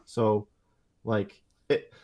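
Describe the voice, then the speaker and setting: A man's voice: on the low side, flat delivery, extremely slow, a little mellow. A man co-hosting a casual tabletop gaming podcast, rambling with lots of fillers and restarts. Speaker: podcast co-host.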